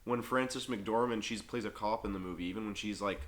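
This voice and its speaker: A man hosting a podcast in casual chat, animated and swearing freely. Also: lowish voice, fairly quick. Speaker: podcast host.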